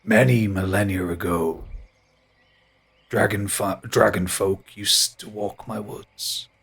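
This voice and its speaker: Man doing an ancient tree spirit: deep, very slow, solemn, weary. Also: fairly even intonation, vocal fry, a bit bright, husky, full character voice.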